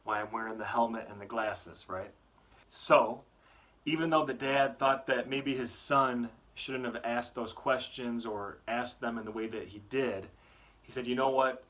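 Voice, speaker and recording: A man's voice: mid-range voice, unhurried, fairly bright tone. A man giving a motivational talk to schoolchildren, telling a story with many "right?" asides. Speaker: youth motivational speaker.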